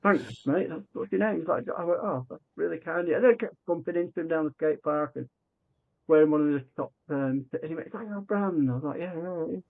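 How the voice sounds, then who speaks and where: This podcast guest has a quick, creaky voice on the higher side for a man, heard through a tinny, phone-like connection. Telling his story conversationally, he gets animated, acts out each quoted line, and keeps restarting what he's saying.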